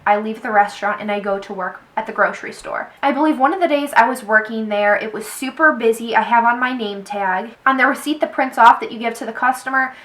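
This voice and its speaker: Bright-voiced young woman telling a story. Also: fairly high pitch, quick pace, hardly any pauses, low-quality recording. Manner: animated storytelling, quoting people with "he's like". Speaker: beauty vlogger. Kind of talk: storytime vlog.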